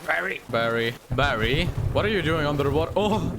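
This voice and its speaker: A man's voice: fairly high pitch, expressive, normal speed, noisy background. A man playing a game and commenting, laughing and swearing a lot. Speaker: gamer. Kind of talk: let's-play commentary.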